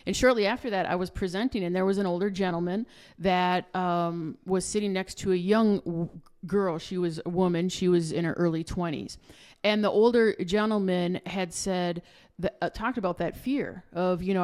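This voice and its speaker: A middle-aged woman hosting a podcast, telling a story in a lively way and acting out the voices of the people in it. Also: lowish voice, normal speed. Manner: lively, acts out quoted voices in her stories. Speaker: podcast host. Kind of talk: animated storytelling in conversation.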